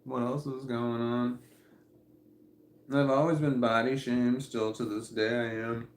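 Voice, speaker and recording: A man in his forties with a gravelly, creaky voice, rambling candidly on a casual livestream. His pitch sits in an ordinary middle range. The sound rings around an echoey room. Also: level tone, unhurried, slight background noise. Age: 40s. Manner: rambling and candid, thinking aloud. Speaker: streamer.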